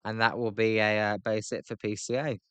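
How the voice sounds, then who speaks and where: A British man commentating live on a baseball game, with a bright, forward tone. He chats between pitches with plenty of fillers and lifts his voice for the big plays. The sound is dry and close to the mic. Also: level tone, a little fast, smooth, no echo. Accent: British English. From Britain. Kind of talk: live play-by-play reaction.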